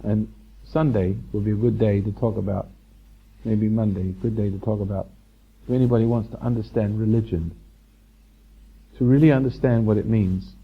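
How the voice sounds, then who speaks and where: A man holds forth at a live seminar, circling back over his points and chuckling at his listeners. His voice is gravelly and a little husky. The tape sounds dull and lo-fi, like an old hotel-room recording. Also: lowish voice, fairly even intonation, moderate pace, pauses often. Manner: rambling and repetitive, chuckling, teasing the audience. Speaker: seminar speaker. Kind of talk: live spiritual lecture to an audience. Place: hotel function room before a live audience.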